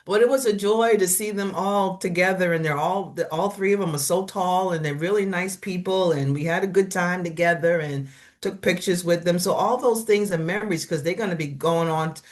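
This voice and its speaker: An older woman with grandchildren sharing simple joys in a casual church group conversation, chatty with halting restarts. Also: fairly low pitch.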